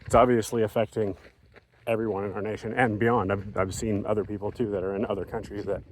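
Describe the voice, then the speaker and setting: A man co-hosting a vlog, speaking in a measured, hesitant way with many fillers, outdoors. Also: fairly low pitch, little pitch movement, a little hiss or hum. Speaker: vlog co-host. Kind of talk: casual chat.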